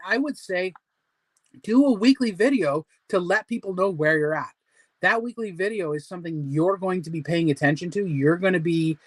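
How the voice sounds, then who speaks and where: A man's voice: a little high, a bit bright, no room sound. A man in his forties hosting a casual livestream weight-loss support chat, rambling and full of fillers as he pep-talks his viewers. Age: 40s. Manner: rambling, filler-heavy, motivational.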